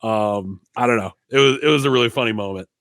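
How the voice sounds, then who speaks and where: A young man with a Minnesotan accent chats on a casual podcast in a laid-back, self-deprecating way. He stammers through small restarts at a mid pitch. The sound is close and dry. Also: quick pace, a bit bright, no echo. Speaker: podcast co-host.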